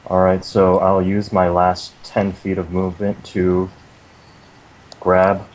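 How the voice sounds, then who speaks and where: A man's voice: sits low, completely flat delivery, takes it slowly, slight background noise, rough recording. A man playing a tabletop game, matter-of-fact in how he states his moves. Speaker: player. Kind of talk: casual tabletop game play.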